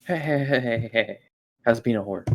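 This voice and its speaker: Man, co-host, casual chat, blunt teasing jabs, mid-pitched voice. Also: a little fast, vocal fry. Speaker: podcast co-host. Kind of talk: casual gaming-friends chat.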